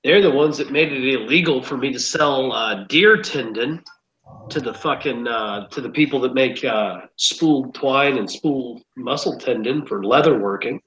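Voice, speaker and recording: A man's voice: medium pitch, moderate pace, fairly bright tone, muffled recording, a little hiss or hum. A man in casual podcast chat, laid-back and rambling, swearing now and then. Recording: roomy echo.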